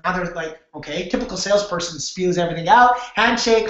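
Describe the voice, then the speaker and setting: A man's voice: sits high, brisk, fairly bright tone. A man hosting a live sales-training webinar, talking casually with many restarts and acting out door-step scenes on a video call. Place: home room on a video call. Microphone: computer mic on a video call. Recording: echoey, dull webcam audio.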